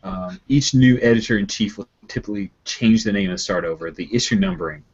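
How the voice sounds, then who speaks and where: A man's voice: on the low side, brisk, darkish tone, husky, lo-fi sound. A man running a tabletop game, explaining the rules in a chatty, upbeat way with easy laughter. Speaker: game master.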